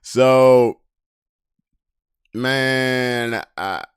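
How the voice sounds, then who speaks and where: A man in his early thirties hosting a podcast, talking casually and bluntly, swinging from low mutters to loud mocking rants. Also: extremely slow, clean tone, no echo, studio quality. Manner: blunt and profane, with short laughs. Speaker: podcast host reading memes. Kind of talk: casual live-stream commentary.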